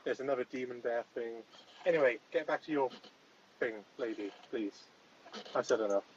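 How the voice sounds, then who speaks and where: A man's voice: medium pitch, moderate pace, a little hiss or hum, poor audio. A man hosting a comedic podcast in the role of a mock judge, speaking in a mock-stern, bossy and dry way. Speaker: host playing a mock judge.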